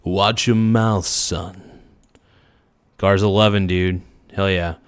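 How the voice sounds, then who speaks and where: Slow, blunt man hosting a livestream. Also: deep voice, fairly even intonation, clear, resonant tone, no echo, studio quality. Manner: rambling, blunt, reads out viewer comments. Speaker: livestream host. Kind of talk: casual livestream chat.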